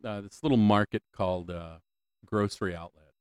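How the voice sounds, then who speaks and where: A man's voice: on the low side, moderate pace, darkish tone, clear, resonant tone, dry recording. A man hosting a solo podcast, ranting with lots of swearing, repeated questions and stammering restarts, on a close mic. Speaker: podcast host.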